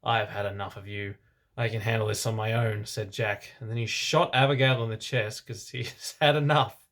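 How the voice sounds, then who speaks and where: A man reading fan fiction aloud for comedy, deadpan, with sarcastic asides. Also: fairly low pitch, brisk.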